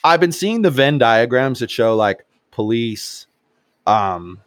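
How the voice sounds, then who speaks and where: A man's voice: mid-range voice, big pitch swings, slow, no echo, studio quality. Give me a blunt, conversational male podcast host. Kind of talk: casual podcast discussion.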